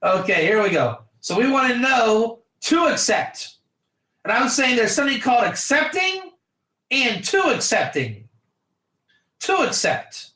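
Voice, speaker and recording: A man's voice: extremely high pitch, very animated, unhurried, pushed and bright, reverberant, rough recording. A man, a rabbi, teaching an online class, acting out little scenes and calling on students to type their answers. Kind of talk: lively online Torah class.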